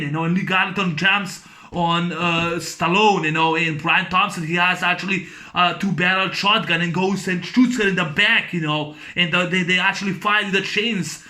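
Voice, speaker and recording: Man, bright high-pitched voice, excitable rambling fan reviewer. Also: moderate pace. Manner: rambling, excited, many restarts and fillers. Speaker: YouTube film reviewer. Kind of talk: casual movie discussion.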